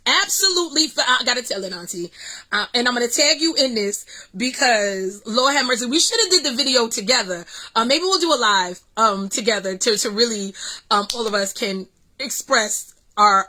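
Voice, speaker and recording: A middle-aged woman, excitedly telling a story to her vlog audience with lots of fillers. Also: a little high, moderate pace, poor audio. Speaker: vlog host.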